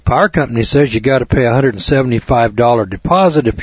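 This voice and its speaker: A man's voice: medium pitch, fairly quick, slightly rough, no echo, dull audio. A man telling a folksy anecdote to an audience in a conversational way, repeating phrases for emphasis. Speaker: storyteller addressing an audience.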